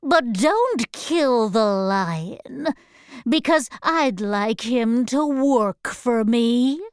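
A woman voicing a cruel, commanding wicked witch in a storybook reading, giving slow, deliberate orders. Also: fairly high pitch, lively intonation, clear, resonant tone, no echo, studio quality.

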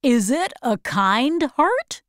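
A woman doing a soft, gentle tin man. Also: sits high, sing-song, takes it slowly, no room sound, clean studio sound, heavily acted.

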